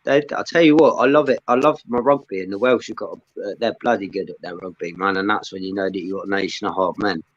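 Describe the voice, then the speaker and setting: A man's voice: deep voice, fast, few pauses, no echo, lo-fi sound. A man in casual banter, telling rambling anecdotes full of swearing.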